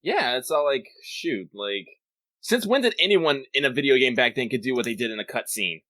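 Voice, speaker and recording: A man at a middle pitch talks in a relaxed, casual way on a gaming chat. He laughs easily and lets thoughts trail off. The recording is dry and close. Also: normal speed, no room sound. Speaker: podcast co-host.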